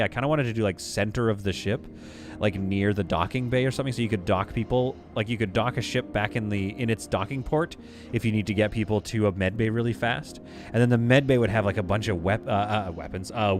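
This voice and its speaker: A man's voice: on the low side, quick pace, soft background music. A man casually talking through a game on a live stream, reading viewer comments aloud. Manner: casual, chatty, reads chat aloud.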